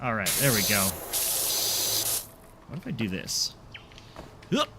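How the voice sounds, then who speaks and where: A man's voice: lowish voice, huge pitch swings, takes it slowly, gravelly, heavy background noise. A man streaming a game, chatting casually with his viewers in a rambling, self-deprecating way. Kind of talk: casual live-stream chat.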